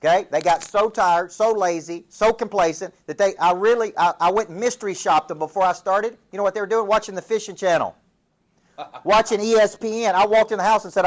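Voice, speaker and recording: Here his voice is high-pitched and fairly quick as he gives a motivational business coaching talk. He's a Tennessee man with a Southern accent, telling punchy stories and firing off rhetorical questions.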